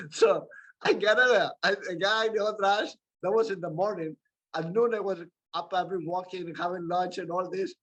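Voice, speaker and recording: A man's voice: high voice, steady tone, moderate pace, a bit bright, poor audio. A man from South America, presenting a talk, tells a personal story in a loose, rambling way with restarts and asides. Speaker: presenter of a medical talk series.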